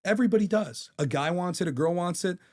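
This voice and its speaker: A man's voice: sits high, fast talker, darkish tone. A man in his thirties, a podcast guest telling stories in a candid, profane way. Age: 30s. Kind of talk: casual chat.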